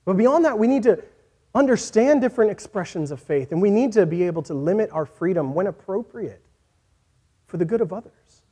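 A man preaching a sermon in an earnest voice that moves from quiet, reflective passages to emphatic points. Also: sits high, animated, fairly quick, breathy edge. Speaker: pastor.

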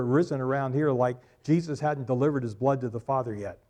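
A male pastor preaching a sermon, swelling loud on key phrases and dropping quiet after them. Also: mid-range voice, brisk, few pauses.

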